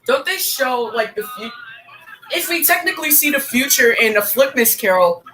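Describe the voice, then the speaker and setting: A guest on a casual fan review podcast, jokey and excitable, cutting in often. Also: high voice, slight background noise, poor audio. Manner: excited, jokey, quick interruptions.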